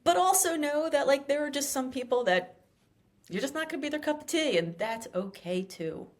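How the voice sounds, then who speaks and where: A woman in her fifties talking as an author guest in a casual interview, animated and emphatic, full of fillers and acted-out quotes. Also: high-pitched, moderate pace. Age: 50s.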